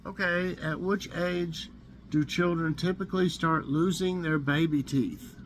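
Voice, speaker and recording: Slow easygoing man, a little hoarse. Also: a little high, a little hiss or hum, low-quality recording. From Tennessee. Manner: slow, easygoing, chuckles to himself. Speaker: vlog host. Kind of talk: casual trivia chat. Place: warm room indoors.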